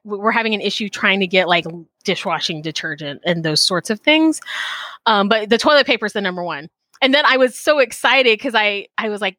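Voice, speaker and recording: A woman hosting a podcast in casual chat, animated and full of fillers, acting out her own quotes, speaking into a headset mic. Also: medium pitch, dry recording. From Texas. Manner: chatty, animated, many fillers and acted-out quotes. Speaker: podcast host. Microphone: call center headset.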